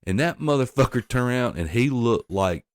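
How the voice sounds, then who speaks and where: A man's voice: medium pitch, animated, normal speed, no echo, clean studio sound. A middle-aged man telling crude stories in a casual podcast chat. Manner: profane, laughing storyteller. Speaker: podcast co-host.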